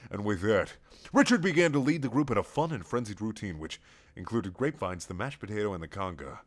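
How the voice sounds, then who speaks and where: A man's voice: lowish voice, animated, brisk. A man reading a playful fan story aloud as narrator. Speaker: reader.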